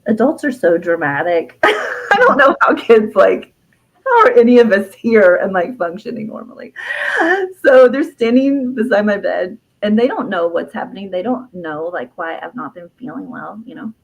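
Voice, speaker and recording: A woman's voice: mid-range voice, sing-song, normal speed, slightly rough, muffled recording. Earnest, heartfelt woman herbalist. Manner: earnest and heartfelt, laughs often, trails off and restarts. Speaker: herbalist and author, interview guest. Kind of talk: candid personal storytelling in conversation.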